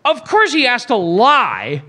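A man's voice: extremely high pitch, wildly swooping pitch, slow pace, pushed and bright. A middle-aged man ranting comedically about a movie on a podcast, swearing and mimicking characters.

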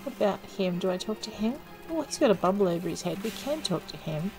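A woman talks through her gameplay in a casual, mid-pitched voice, recorded close on a desk microphone. She thinks aloud as she goes, with dry, self-mocking asides. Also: brisk, faint music behind, low-quality recording. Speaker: let's play gamer.

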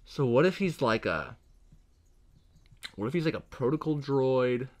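A man's voice: medium pitch, animated, measured pace, a little mellow. A young man co-hosting a podcast, chatting casually and brainstorming in a loose, profane, rambling way. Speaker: podcast co-host. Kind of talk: casual chat.

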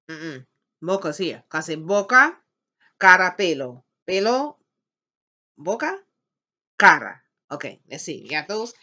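A woman teaching an elementary Spanish class, slowly modeling words for students to repeat and cheering them on. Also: on the low side, pushed and bright. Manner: upbeat and encouraging. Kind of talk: classroom language lesson. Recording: dull lo-fi classroom recording.

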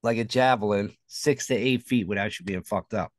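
A man's voice: on the low side, moderate pace, dry recording, studio quality. A man co-hosting a podcast, joking crudely in casual banter. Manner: crude, joking, laughs often. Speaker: podcast co-host.

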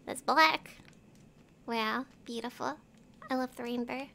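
Woman, live game commentary, bright tone, slight vocal fry, casual swearing. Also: on the high side, slow pace. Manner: chatty, swears casually, talks to chat. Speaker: game streamer.

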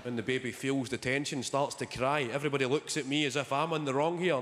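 On a theatre stage before a live audience, a young man performs stand-up, telling dry, sardonic stories in a steady, medium-pitched voice at a fast clip. The large hall rings with loud audience laughter.

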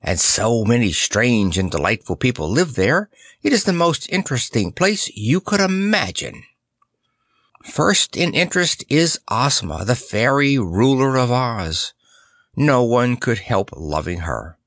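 A man narrating a children's fantasy book in an expressive reading style. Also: mid-range voice, unhurried, dry recording, clean studio sound. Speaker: audiobook narrator. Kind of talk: storybook narration.

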